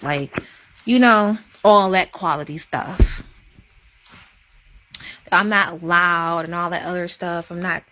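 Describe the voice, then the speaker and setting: A woman's voice: fairly low pitch, sharp tone, slight background noise. Woman rambling in casual livestream talk. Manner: rambling, self-deprecating, repetitive.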